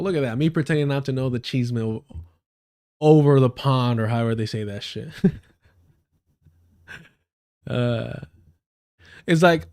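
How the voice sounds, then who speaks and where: A man's voice: medium pitch, a little mellow. A man hosting a livestream, giving heated and sarcastic political commentary with frequent swearing. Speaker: livestream host.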